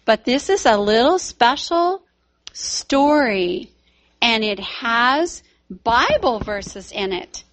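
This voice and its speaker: A woman teaching children at church tells a Bible story and gently talks to the kids. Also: a little high, sing-song, slow pace.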